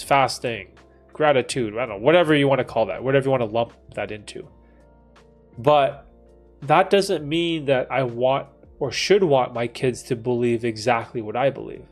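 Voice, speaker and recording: Casual swearing man chatting on stream. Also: mid-range voice. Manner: casual, swears, says dude and bro. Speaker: livestream host answering chat. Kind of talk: casual livestream chat.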